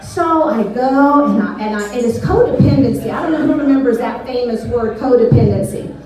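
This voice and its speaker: A woman's voice: on the high side, brisk, crowd noise. A middle-aged woman doing off-the-cuff stand-up, rambling and candid, often laughing at her own jokes. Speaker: stand-up comedian. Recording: echoey room, voice from far off.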